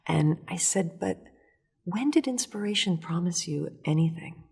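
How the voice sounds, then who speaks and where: A woman speaking as an author and guest in a casual interview, telling stories in a lively way with acted-out voices. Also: fairly low pitch, measured pace, gravelly, breathy edge. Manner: animated storytelling with acted voices and laughs.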